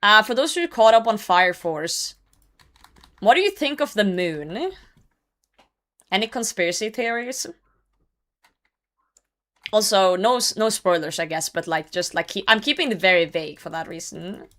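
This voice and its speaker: A woman's voice: mid-range voice, expressive, normal speed, long pauses, a bit bright. A young woman streaming a game and chatting casually, reading chat messages aloud and laughing often. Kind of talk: casual gaming livestream chat.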